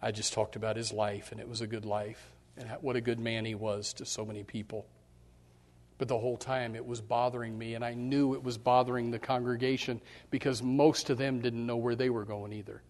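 A middle-aged man preaching a sermon as pastor, fervent and emphatic, his voice surging loud on key points. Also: medium pitch, little pitch movement, fairly quick, long reverb tail.

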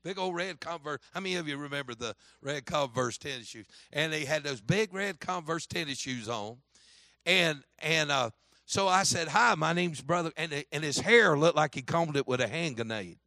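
Bright-voiced animated man preaching. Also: on the high side, normal speed, no room sound. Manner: animated storyteller, acts out voices, asks "amen?". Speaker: Baptist pastor. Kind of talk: storytelling sermon.

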